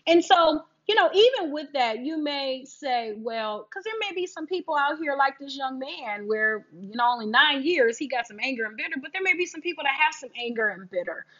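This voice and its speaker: A woman's voice: high-pitched, expressive, moderate pace, few pauses, fairly bright tone, dull audio. A woman sharing her personal testimony in a preaching style, repeating her key phrases and leading listeners through scripture.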